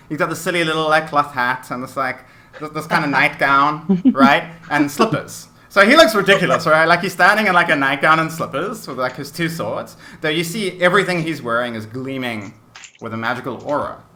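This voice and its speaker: Casting note: male game master, bright forceful voice, descriptive, lots of "like" and "uh". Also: on the high side. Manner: descriptive, hesitant with many fillers. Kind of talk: narrating a tabletop game.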